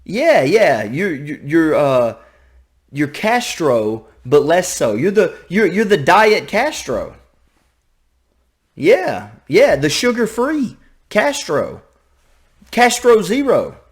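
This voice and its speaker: Southern US man, reaction host, lively up-and-down delivery, casual and chatty. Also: fairly high pitch, slow pace. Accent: Southern American. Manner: animated, repeats himself, thinks out loud.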